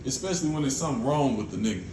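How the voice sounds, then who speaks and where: A man's voice: mid-range voice, animated, very fast, reverberant, background noise. Blunt, profane man ranting. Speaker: vlogger. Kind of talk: casual rant to camera.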